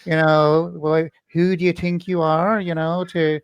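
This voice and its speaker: A man's voice: a little high, level tone, a little slow, clean tone, lo-fi sound, natural voice. A man putting on a sneering Irish inner critic. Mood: taunting. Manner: taunting, belittling.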